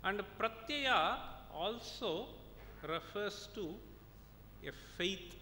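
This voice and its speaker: Bright-voiced Indian man lecturing in a hall. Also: animated, drawn-out words. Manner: explains step by step, checks in with "okay?" and "right?". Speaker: professor lecturing at a conference. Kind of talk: lecture with examples and recitation. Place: conference hall. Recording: echoey hall with faint rumble.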